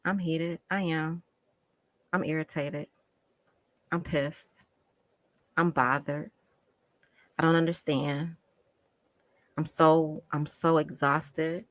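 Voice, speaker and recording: A woman's voice: low-pitched, fairly even intonation, slow pace, long pauses, no echo. A woman doing casual live-stream commentary, emphatic and exasperated, often repeating phrases for effect.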